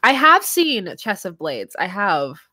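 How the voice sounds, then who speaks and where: A woman's voice: mid-range voice, sing-song, takes it slowly, pushed and bright, husky, no room sound, clean studio sound. A young woman streaming live, chatting casually with viewers, laughing often and trailing off mid-sentence. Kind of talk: casual livestream chat reading viewer comments.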